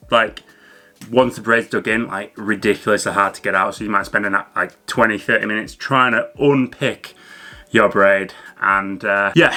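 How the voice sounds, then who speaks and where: Bright-voiced man explaining fishing gear. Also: on the low side. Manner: chatty, loose with fillers and restarts. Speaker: fishing channel host. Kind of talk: casual educational talk to camera.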